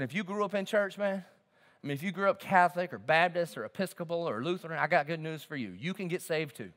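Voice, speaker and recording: A man preaching a sermon as pastor, fervent, swinging from loud emphasis to hushed tones. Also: on the high side. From southern United States. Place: large church auditorium. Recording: long reverb of a large hall.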